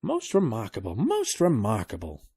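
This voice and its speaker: A man's voice: lowish voice, huge pitch swings, moderate pace, mellow, slightly rough, dry recording, studio quality, exaggerated voice. A man doing a fussy old professor. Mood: flustered. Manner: murmurs stock phrases, flustered. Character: fussy absent-minded old male professor.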